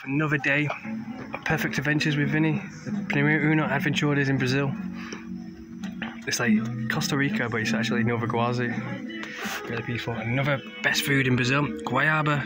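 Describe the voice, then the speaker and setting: A man from England vlogging his travels with excitement, sprinkling broken Portuguese and Spanish words into his English, outdoors in the rain. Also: mid-range voice, a little fast, loud music behind the voice, poor audio. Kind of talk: casual travel vlog. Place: outdoors in rainy countryside.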